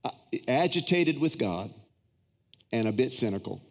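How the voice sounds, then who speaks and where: A middle-aged pastor with a drawl preaching to his congregation, his voice carrying through the long reverb of a big church hall. He sits at a middle pitch in plain narration, then jumps much higher when he acts out his pleading prayers, telling personal stories in a loose, unscripted way. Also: normal speed. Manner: storytelling, swings into high excited acted-out prayers. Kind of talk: sermon. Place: large church auditorium.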